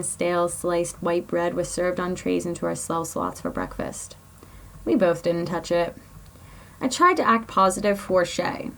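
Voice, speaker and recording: A woman reads her own story aloud, earnest and confessional. Her voice sits at an ordinary middle pitch. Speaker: blogger. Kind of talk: reading a personal story aloud.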